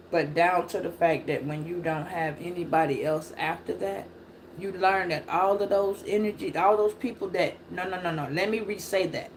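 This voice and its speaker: A middle-aged woman giving a casual live-stream tarot reading, preachy and profane, with loud emphatic bursts. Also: lowish voice, slight background noise. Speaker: tarot reader.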